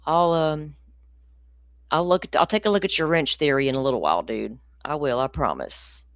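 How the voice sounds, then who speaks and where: A woman's voice: low voice, animated, moderate pace, no echo, clean studio sound. A middle-aged woman, hosting a casual true crime livestream in a rambling, profane, ranty way.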